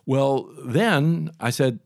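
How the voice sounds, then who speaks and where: A man in his sixties hosting a talk show, telling a story in a chatty, animated way full of restarts and asides. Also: medium pitch, very slow, gravelly, no echo, clean studio sound. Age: 60s. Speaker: radio talk show host. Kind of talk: casual storytelling monologue.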